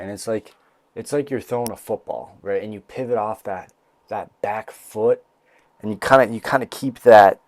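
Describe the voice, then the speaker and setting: Rambling young man, low dry voice. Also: darkish tone, no room sound. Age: young adult. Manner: rambling, jokey, full of restarts. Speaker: podcast host. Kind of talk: casual comedic monologue. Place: college bathroom. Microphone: desk mic.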